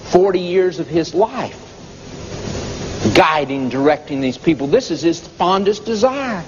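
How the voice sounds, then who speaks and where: A preacher telling a Bible story in an emphatic, repetitive sermon style. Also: male voice, on the high side, animated, measured pace, background noise. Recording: dull lo-fi tape with long reverb.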